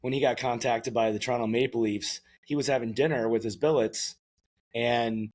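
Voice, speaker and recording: A man's voice: medium pitch, steady tone, moderate pace, darkish tone. A man hosting a casual podcast, joking and teasing his guest in rambling sentences. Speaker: podcast host.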